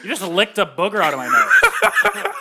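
Man, podcast co-host, sarcastic, swears a lot, lively pitch, noisy recording. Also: moderate pace, vocal fry. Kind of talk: casual chat.

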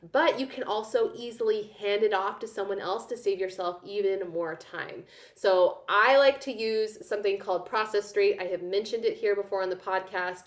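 Chatty woman podcast host, roomy sound. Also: medium pitch. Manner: upbeat, chatty, enthusiastic. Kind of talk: solo business podcast advice. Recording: roomy echo.

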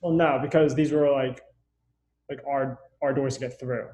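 A man's voice: medium pitch, steady tone, moderate pace, darkish tone, reverberant, slight background noise. A man in his twenties co-hosting a podcast over a remote call, telling a story with lots of fillers and restarts. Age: 20s. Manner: rambling, hesitant, many fillers. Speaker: podcast co-host. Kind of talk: casual chat. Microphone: computer mic, remote call.

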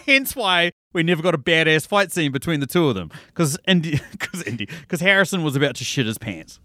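A man's voice: on the high side, a little fast, hardly any pauses, no room sound, clean studio sound. A man co-hosting a casual movie podcast, telling stories with lots of swearing and laughter. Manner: animated, swears freely, laughs through stories. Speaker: podcast co-host.

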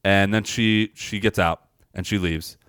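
A man co-hosting a podcast, casually recapping a movie scene and acting out the characters' lines in a higher voice. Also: steady tone, measured pace, a bit bright, smooth, dry recording, studio quality. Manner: rambling storyteller, acts out lines in a higher voice. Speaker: podcast co-host.

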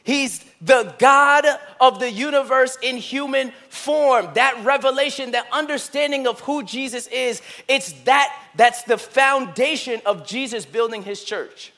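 High, bright-voiced preacher, man. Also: faint music behind. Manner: swings from loud emphatic bursts to hushed, slow, intimate passages. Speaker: pastor. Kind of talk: sermon. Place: church sanctuary.

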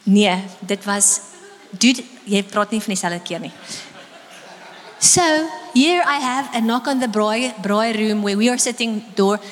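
Lively South African woman preaching in a hall. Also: medium pitch, measured pace, slight background noise. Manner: lively storytelling, switching into Afrikaans. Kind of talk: sermon. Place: church hall.

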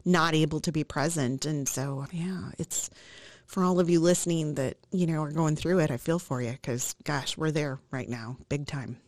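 A woman's voice: sits low, normal speed, a little mellow, no echo. A woman co-hosting a podcast in casual chat, telling emotional family stories in a chatty way. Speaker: podcast co-host. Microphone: podcast microphone.

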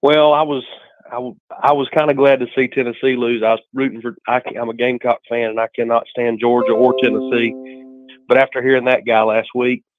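A man's voice: medium pitch, level tone, fairly quick, faint music behind. A man calling into a sports talk show, friendly and rambling with many fillers, over a tinny phone line. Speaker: caller. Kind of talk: sports call-in question.

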